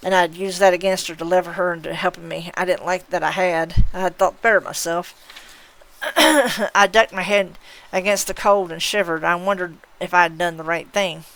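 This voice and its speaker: A woman's voice: fairly low pitch, fairly bright tone, poor audio. A woman reading a novel aloud on a live stream, taking her time over each line. She stumbles now and then and corrects herself mid-sentence. Her voice sits in a middle register. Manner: unhurried reading with occasional slips and self-corrections.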